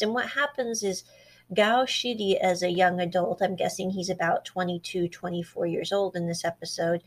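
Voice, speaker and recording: A woman at an ordinary middle pitch talks through a drama episode in a relaxed, chatty way. She retells its scenes and slips into quoted dialogue as she goes. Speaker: drama reviewer. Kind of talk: casual episode recap.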